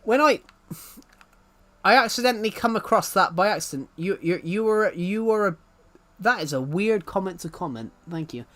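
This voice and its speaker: A man's voice: high-pitched, expressive, moderate pace, fairly bright tone. A young man chatting casually on a live stream, rambling and self-deprecating, often laughing and restarting his sentences.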